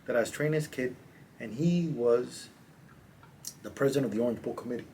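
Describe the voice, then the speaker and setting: A man, a coach, casually telling stories as a podcast guest, animated and slangy. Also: medium pitch, brisk, a little hiss or hum. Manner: animated, slangy, acts out quotes. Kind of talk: casual storytelling in a podcast interview.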